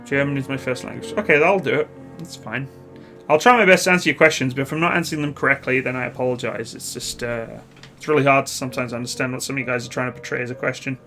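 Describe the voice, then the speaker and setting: A Canadian man, likely in his thirties, hosting a live stream, reading viewer questions and answering in a relaxed, rambling way with many pauses. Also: mid-range voice, faint music behind. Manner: relaxed, chatty, hesitant with many uhs.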